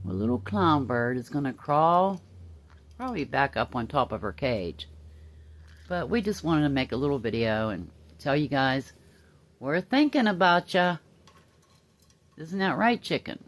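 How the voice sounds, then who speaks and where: A woman chatting casually to viewers and talking to her pet bird in high sing-song baby talk. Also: very animated, a little slow, pauses often, a little hiss or hum. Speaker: pet vlogger. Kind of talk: casual chat to camera and pet.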